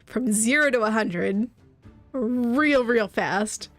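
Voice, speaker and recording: A woman's voice: on the high side, slow, no room sound, faint music behind. Giggly young woman streamer. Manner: chatty, giggly, sarcastic asides. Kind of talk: casual game commentary and reading aloud.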